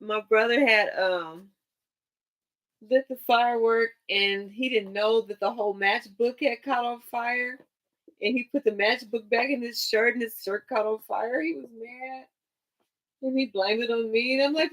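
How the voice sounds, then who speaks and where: Animated woman telling stories with a laugh. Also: on the high side, measured pace, poor audio. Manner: animated, laughing, quotes people in shifting voices. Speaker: tarot reader on a livestream. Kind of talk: casual storytelling.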